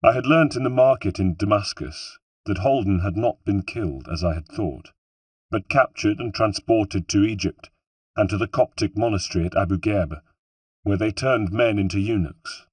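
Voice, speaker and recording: A man narrating an audiobook in a measured, somber first-person storytelling manner, with a husky voice. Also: on the low side, dry recording. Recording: dry, distant mic.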